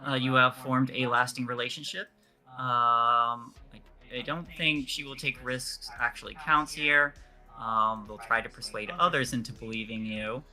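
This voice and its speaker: A man narrating as game master, halting and full of fillers and restarts. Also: mid-range voice, steady tone, pushed and bright, soft background music.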